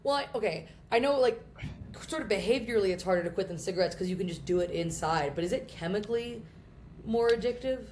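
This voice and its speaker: A woman's voice: medium pitch, animated, fast, darkish tone. A young woman chatting candidly on a podcast, swearing freely and laughing often as she talks. A faint hiss of background noise sits under her voice. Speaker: podcast co-host. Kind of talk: casual comedic chat.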